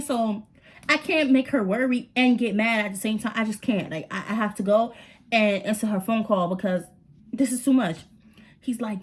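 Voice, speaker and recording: A young woman tells a story straight to her viewers, chatty and dramatic, full of slang and asides to y'all. Her voice sits a little high. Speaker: storytime vlogger. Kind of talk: casual storytelling to camera.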